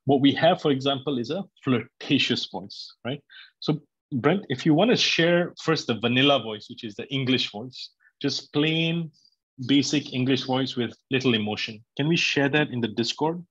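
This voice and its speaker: A man's voice: mid-range voice, moderate pace, a bit bright, breathy edge, no echo, lo-fi sound. A man hosting a live online community address, rambling with many fillers and speaking straight to his listeners. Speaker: company host presenting a product.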